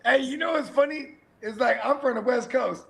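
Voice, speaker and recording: A man from Northern California co-hosting a casual sports talk show, loud and joking, swearing freely. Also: extremely high pitch, normal speed, creaky, breathy edge. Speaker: co-host. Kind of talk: casual chat.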